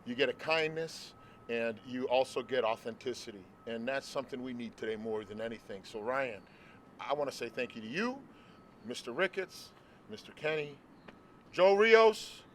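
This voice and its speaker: A male show host speaking warmly and heartfelt to his guest, outdoors at a stadium. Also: mid-range voice, moderate pace, a little hiss or hum. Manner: effusive and heartfelt. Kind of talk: casual interview chat.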